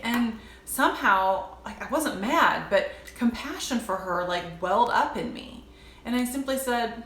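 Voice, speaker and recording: A woman's voice: mid-range voice, animated, a little slow, a bit bright. A woman in her forties tells a personal story in a chatty vlog, talking directly to her viewers. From United States. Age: 40s. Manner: conversational, addresses viewers as "you guys". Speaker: vlogger. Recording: roomy echo with faint backing music.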